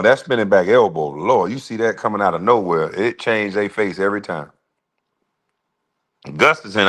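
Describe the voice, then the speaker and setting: A man in his forties hosting a casual livestream, telling stories in an animated, slangy way with frequent laughs. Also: fairly low pitch. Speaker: livestream host.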